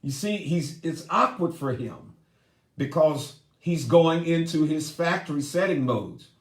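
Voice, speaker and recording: Slow, earnest man speaking in an echoey room. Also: on the high side. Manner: earnest, deliberate, addresses audience directly. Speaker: grief speaker. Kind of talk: seminar talk.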